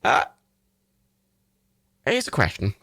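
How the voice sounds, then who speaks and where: A man's voice: takes it slowly, pushed and bright, dry recording. A young man in his twenties from Ireland, hosting a livestream and chatting casually and enthusiastically about films, with lots of fillers and swearing. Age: 20s. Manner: rambling, enthusiastic, swears freely, many fillers. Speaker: livestream host. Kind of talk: casual chat while browsing films.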